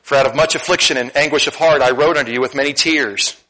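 A middle-aged man preaching a sermon in a church, candid and animated, swinging between loud emphasis and quiet asides. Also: mid-range voice, quick pace, rough recording. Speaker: pastor. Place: church sanctuary.

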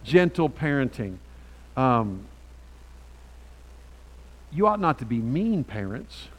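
A man preaching a sermon from a Bible passage, talking in a halting way with many restarts and frequent rhetorical "right?"s. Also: mid-range voice, very animated, rough recording.

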